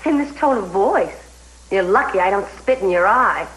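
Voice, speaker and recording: An actress playing a sneering, spiteful schemer. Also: female voice, medium pitch, expressive, moderate pace, a bit bright, close to an everyday voice, poor audio. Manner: sneering, contemptuous. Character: scheming, spiteful woman taunting a rival. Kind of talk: soap opera acting.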